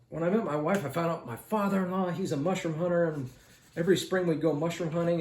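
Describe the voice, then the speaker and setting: A man's voice: mid-range voice, a little mellow. A man hosting an art channel, telling a rambling story to his viewers while he draws, talking straight to them in a casual, chatty way. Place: indoors at home. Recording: roomy echo with faint noise.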